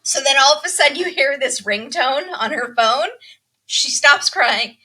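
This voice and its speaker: A woman hosts a casual podcast chat, telling a story with animation and acting out quotes. Her voice is bright and sits a touch high. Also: moderate pace. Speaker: podcast host. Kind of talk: casual chat, recapping a reality show.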